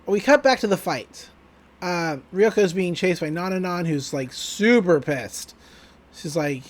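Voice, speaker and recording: A man's voice: sits high, a little slow. A man co-hosting a podcast, retelling an anime episode in a loose, joking way with frequent laughs and casual swearing. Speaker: podcast co-host.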